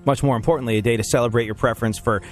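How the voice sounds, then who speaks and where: A man's voice: medium pitch, steady tone, racing, faint music behind. A man hosting a radio show, rambling through jokes and laughing often. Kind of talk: casual banter on a radio show.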